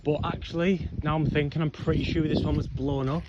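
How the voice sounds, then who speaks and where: On a windy hillside, a young man walks among old ruins talking casually, rambling with lots of ums and whatnots and sounding a bit out of breath. His voice is on the high side, level and a little fast. Noisy outdoor camera audio cuts off the highs.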